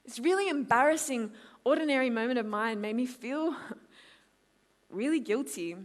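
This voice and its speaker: A woman in her twenties with an Australian accent, a conference speaker giving a lively testimony talk and acting out her own quotes. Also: sits high, normal speed. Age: 20s. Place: large hall. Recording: long hall reverb.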